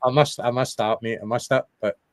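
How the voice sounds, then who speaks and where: A man's voice: medium pitch, steady tone, quick pace, no echo. A young Scottish man co-hosting a podcast, chatting casually and rambling about football. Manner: chatty, rambling with restarts and wee asides. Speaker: podcast co-host.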